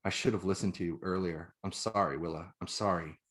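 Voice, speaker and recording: A man reading the lines of a badly wounded, weary soldier who speaks quietly and strained. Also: sits low, steady tone, fairly quick. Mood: resigned.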